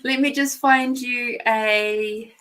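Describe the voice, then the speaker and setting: A woman's voice: fairly high pitch, steady tone, takes it slowly, pushed and bright, poor audio. A woman from New Zealand with a New Zealand accent, hosting a live stream and giving intuitive card readings in a chatty, affectionate way, speaking to viewers by name.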